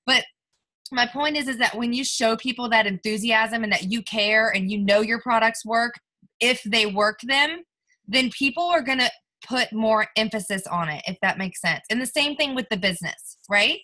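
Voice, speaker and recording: Bright, emphatic woman coaching her team. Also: a little high, normal speed. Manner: direct, emphatic, pushes her listeners; chatty, with many "like" and "right?" tags. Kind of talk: motivational team call.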